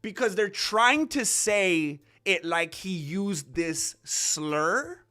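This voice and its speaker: A man's voice: high voice, expressive, very slow, bright, forceful tone. A young man hosting a casual commentary channel, talking off the cuff in a rambling way with lots of restarts and fillers.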